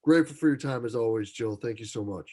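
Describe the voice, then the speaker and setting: A man's voice: mid-range voice, fast, a little mellow. A man hosting a podcast, upbeat and slangy, calling his guest "dude" and sounding enthusiastic. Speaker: podcast host. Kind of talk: casual podcast interview.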